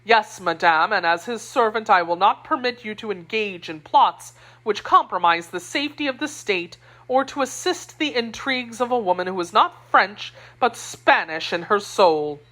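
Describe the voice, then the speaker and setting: A woman's voice: medium pitch, lively intonation, moderate pace, few pauses, fairly bright tone, voice pushed up, natural voice. A woman voicing a self-important, timid middle-aged male mercer in an audiobook reading, proud and defensive. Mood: pompous.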